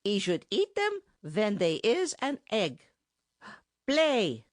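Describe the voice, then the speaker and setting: A woman's voice: medium pitch, huge pitch swings, slow, dry recording, pitched above the performer's own voice. A woman voicing a bossy, pompous middle-aged German bandmaster who speaks mangled English with a thick German accent, in a dry audiobook recording. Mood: blustering. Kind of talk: audiobook character voice.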